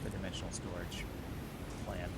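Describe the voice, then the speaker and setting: A man's voice: deep voice, little pitch movement, very noisy. Chatty man narrating his gameplay. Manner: chatty, thinks aloud, quick laughs. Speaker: streamer. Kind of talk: casual gameplay commentary.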